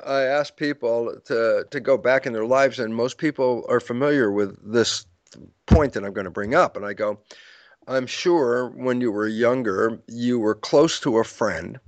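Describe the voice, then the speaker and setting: In a dry recording, an older man with a mid-range voice explains his ideas during an interview through storytelling. He re-enacts his lecture anecdotes with quoted dialogue and frequent laughter.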